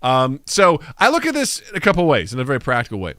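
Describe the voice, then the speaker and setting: A man's voice: mid-range voice, quick pace, no echo. A man co-hosting a comedy podcast, riffing animatedly and slipping into silly voices. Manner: animated, riffs with put-on voices. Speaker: podcast co-host.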